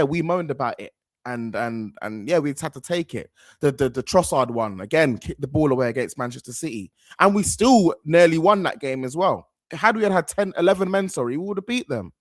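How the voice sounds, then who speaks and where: A man hosts a football reaction video in a casual, rambling way, stacking slang and repeating himself. His pitch jumps up and down a lot as he gets worked up. The sound is close and dry, with no room around it. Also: dry recording. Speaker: football channel host.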